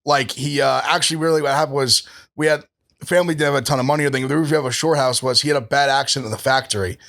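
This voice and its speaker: A man's voice: medium pitch, steady tone, racing, gravelly, fairly bright tone. A young man chatting casually as a podcast guest, rambling with many fillers and restarts. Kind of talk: casual food chat.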